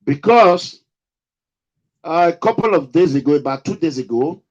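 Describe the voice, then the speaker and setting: This man has a Nigerian accent and a fairly high, expressive voice at normal speed, and the sound is lo-fi. Hosting an online talk for an activist group, he comes across as hesitant and leans heavily on "uh" fillers.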